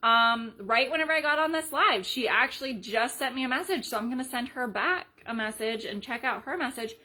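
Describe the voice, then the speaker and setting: A woman leading a sales team in a casual live video, chatty and energetic, retelling conversations as she goes. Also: a little high, brisk. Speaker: team leader.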